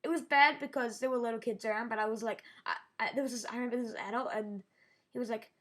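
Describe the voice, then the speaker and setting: A woman vlogging a personal story in a halting way, often restarting her sentences and sounding shaken. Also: a little high, fairly even intonation, fairly bright tone. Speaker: YouTuber. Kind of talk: casual storytelling vlog.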